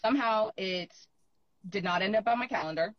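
A woman coach speaks as a podcast guest and tells lively stories with easy laughter. Her voice has a middle pitch. It comes through a slightly dull, lo-fi line. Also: brisk. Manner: storytelling, laughs readily, mimics others. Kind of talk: casual podcast conversation.

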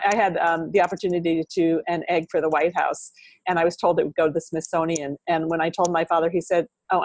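Low-voiced older woman, rambling guest. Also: a little mellow, dry recording. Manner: rambling, full of sayings and "you know". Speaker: podcast guest and author. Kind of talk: candid interview conversation.

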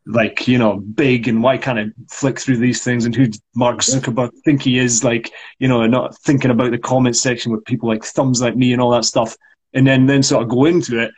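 A man's voice: medium pitch, level tone, a little fast, breathy edge. A man with a Scottish accent, co-hosting a casual chat about acting and talking with lots of fillers. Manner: chatty, frequent fillers and repeated yeahs. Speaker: acting coach co-host. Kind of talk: casual live discussion.

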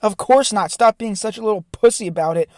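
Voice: mid-range voice, brisk, darkish tone, dry recording, studio quality, lightly acted. A speaker reading a brash, scolding girl heroine. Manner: scolding, crude threats. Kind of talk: comedic read-through.

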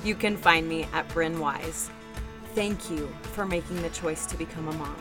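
Woman host, lower voice, bubbly and emphatic sign-off, music clearly underneath. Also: normal speed. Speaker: podcast host. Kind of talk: podcast outro.

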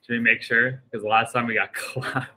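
A man's voice: medium pitch, little pitch movement, normal speed, bright, forceful tone, low-quality recording. A man in his twenties co-hosting a podcast over a video call, chatting in an upbeat, rambling way with lots of fillers. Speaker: podcast co-host. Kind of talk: casual chat.

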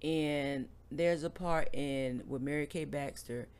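A man's voice: fairly high pitch, takes it slowly, clear, resonant tone. A man in an earnest, casual faith conversation, retelling a vision story and acting out the pleas of the people in it.

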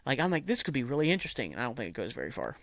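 A man hosts a casual solo podcast recap, racing along in a medium-pitched, slightly bright voice whose pitch swoops wildly. His talk is rambling and profane, thick with "like" and "um," captured in clean studio sound without any room echo.

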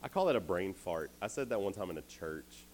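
A man's voice: deep voice, animated, brisk, slight background noise, poor audio. A man, a little tired, giving a casual camp sermon full of self-deprecating stories. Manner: chatty, self-deprecating storyteller. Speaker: youth camp speaker. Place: indoor camp meeting hall.

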